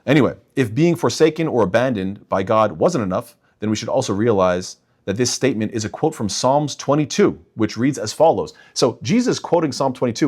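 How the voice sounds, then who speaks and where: A man's voice: mid-range voice, darkish tone, slightly rough. A young man talking straight to his listeners in an emphatic religious rebuttal, often calling them "guys". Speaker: imam and apologetics speaker.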